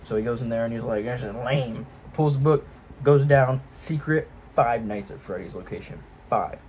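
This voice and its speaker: A man's voice: medium pitch, normal speed, a little mellow, a little hiss or hum, low-quality recording. A man casually retelling a game series' story in a rambling, offhand, irreverent way, full of loose jokey paraphrase. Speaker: video host.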